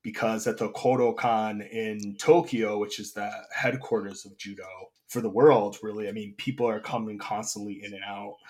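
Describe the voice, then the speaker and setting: A man hosting an interview podcast, chatting casually and telling lively anecdotes. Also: lowish voice, moderate pace, hardly any pauses. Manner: animated, acts out voices in anecdotes. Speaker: podcast host. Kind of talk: casual chat, storytelling.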